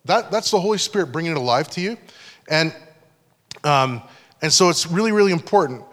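A pastor giving a conversational sermon, often checking that the congregation is following. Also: male voice, on the high side, expressive, brisk, a bit bright. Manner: conversational teaching, frequent check-ins with listeners. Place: church hall. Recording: long hall reverb.

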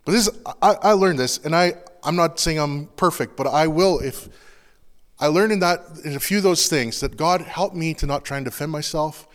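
A pastor giving an earnest, confessional sermon in a loose, conversational way, full of casual fillers. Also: male voice, fairly high pitch, normal speed, in a large hall.

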